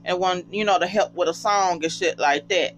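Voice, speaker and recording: A casual reality TV recapper talking straight to viewers, often breaking into high, cracking laughter. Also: normal speed, a bit bright. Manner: chatty, addresses viewers as y'all. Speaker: TV show recapper. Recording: dull lo-fi sound with faint hum.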